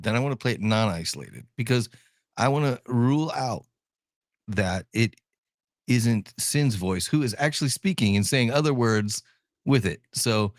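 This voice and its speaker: A man's voice: lowish voice, no room sound, studio quality. A man from Ohio co-hosting a podcast in casual chat, joking, laughing often and repeating his words. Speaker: podcast co-host.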